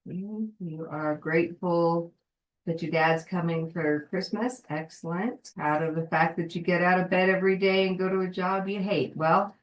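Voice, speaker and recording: A woman's voice: lowish voice, low-quality recording. Encouraging woman coach on a video call. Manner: encouraging, addresses listeners by name. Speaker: life coach. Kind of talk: live coaching call, reading a book aloud.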